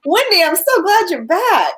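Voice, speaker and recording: A woman's voice: extremely high pitch, sing-song, moderate pace, fairly bright tone. A woman hosting a comedy show, playful and teasing.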